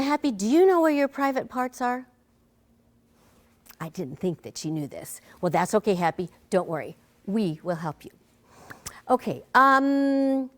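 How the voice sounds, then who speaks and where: A woman teaching a preschool lesson, talking gently to a bear puppet and young children. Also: on the high side.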